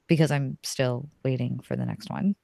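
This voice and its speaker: A woman in her thirties chatting casually on a podcast, blunt and profane, with an animated way of talking. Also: rumbling low, normal speed, creaky, dry recording, studio quality. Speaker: podcast co-host guest.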